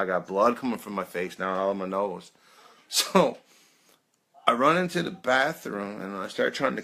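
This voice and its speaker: A thirty-something man hosts a peer support live chat, telling meandering stories about his life with frequent laughter and plenty of "man." His voice leans low, with a slightly bright quality.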